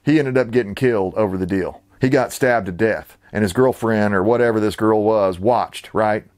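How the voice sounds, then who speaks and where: A man's voice: lowish voice, normal speed, darkish tone. A man hosting his own channel, ranting with sarcastic, indignant, rambling commentary. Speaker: channel host.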